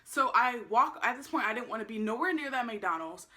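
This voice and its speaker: A woman's voice: a little high, fairly quick. A young woman telling a casual storytime vlog, acting out the voices of the people in her story and swearing freely. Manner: animated, acts out quotes, swears freely. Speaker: vlogger.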